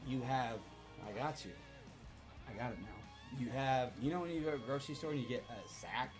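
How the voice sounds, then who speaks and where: A man's voice: medium pitch, brisk, music in the background. A man casually telling a rambling, profane story to a live chat, repeating himself as he goes.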